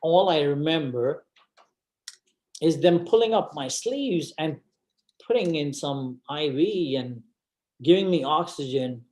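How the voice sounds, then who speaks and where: A man's voice: a little high, lively intonation, takes it slowly, pauses often, darkish tone. A man giving a presentation, telling a personal story with dramatic, emphatic repetition. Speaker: guest speaker. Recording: roomy event hall.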